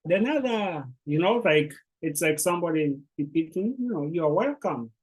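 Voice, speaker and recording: A language teacher giving a beginner lesson, patiently repeating words slowly and encouraging the learners. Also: mid-range voice, animated, husky, low-quality recording.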